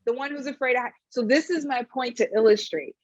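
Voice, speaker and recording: A woman wellness practitioner giving advice in a panel conversation, telling animated stories and often checking in with "right?". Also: high voice, a little fast, muffled recording, a little hiss or hum. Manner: animated storyteller, frequent "right?" tag questions.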